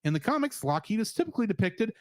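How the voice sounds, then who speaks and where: A man with a high, lively voice co-hosts a casual podcast chat, quick with jokes and silly put-on accents. The sound is dry and close, with no room around it. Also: dry recording. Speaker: podcast co-host.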